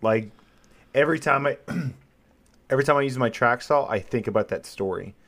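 A man's voice: medium pitch, moderate pace, fairly bright tone. A man chatting earnestly on a podcast about a story that stuck with him. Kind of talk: casual podcast chat.

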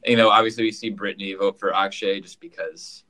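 A man's voice: fairly low pitch, steady tone, a little fast, pushed and bright, rough recording. A man co-hosting a casual podcast, recapping an episode in a rambling way and repeating words as he goes. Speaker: podcast co-host.

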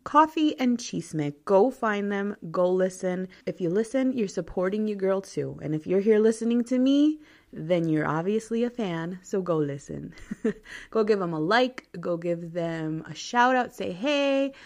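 A woman's voice: mid-range voice, lively intonation, a little slow, darkish tone. A woman in her thirties with a Midwestern American accent, hosting a podcast in casual chat and laughing often. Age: 30s. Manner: chatty, laughs often, mixes Spanish phrases. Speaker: podcast host.

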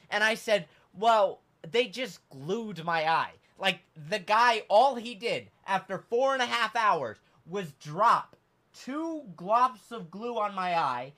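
A young man hosting a podcast, telling a story in a casual, animated way and breaking into loud outbursts. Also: high-pitched. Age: young adult. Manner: animated, acts out quoted voices, loud outbursts. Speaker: podcast host.

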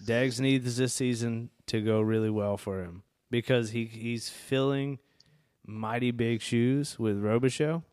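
A man chatting on a podcast, animated and profane, acting out what people said. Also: medium pitch, a little slow, clear, resonant tone, no room sound, studio quality. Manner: animated, profane, acts out quotes. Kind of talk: casual chat.

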